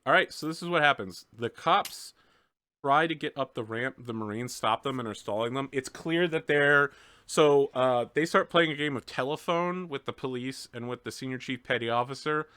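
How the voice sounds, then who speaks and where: Bright-voiced man running a tabletop game. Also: mid-range voice, clean tone, dry recording. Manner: playful, narrates scenes and voices characters in quick asides. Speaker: game master.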